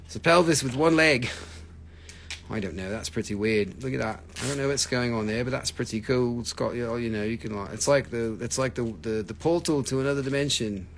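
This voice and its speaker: A man's voice: medium pitch, brisk, creaky, slight background noise. A man hosting a live stream that sells minerals, joking and rambling as he trails off into fillers. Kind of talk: casual live sales chat.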